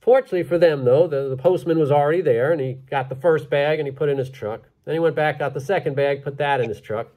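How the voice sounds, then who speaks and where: A man telling a story live on stage, animated and playful with dramatic pauses. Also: a little high.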